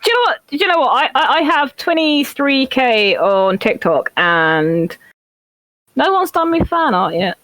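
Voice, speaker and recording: A woman's voice: high-pitched, big pitch swings, a bit bright, dry recording, rough recording. A woman guest on a casual interview, answering openly but hesitantly, with many fillers. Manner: hesitant, slow and open, with fillers and laughter. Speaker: interview guest, content creator.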